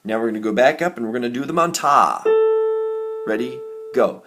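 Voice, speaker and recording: A man's voice: medium pitch, fairly quick. A man teaching a recorded music reading lesson, explaining note values patiently and correcting himself now and then. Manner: patient, counts beats aloud in a raised chant; steady and explanatory, with small self-corrections.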